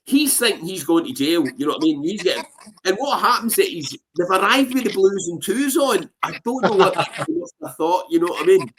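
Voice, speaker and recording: A Scottish man telling anecdotes in a casual interview, animated and full of "you know what I mean" fillers. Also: sits high, moderate pace, background noise. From Scotland. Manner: animated, acts out voices in his anecdotes. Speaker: interview guest.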